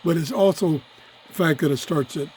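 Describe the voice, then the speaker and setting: A man with a voice going hoarse, chatting excitedly as he tries out a small radio in his home office. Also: a little high, moderate pace. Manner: chatty, easily excited, talks while fiddling. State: losing his voice, throat-clearing. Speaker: radio reviewer. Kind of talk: casual hands-on product review. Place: home office full of electronics.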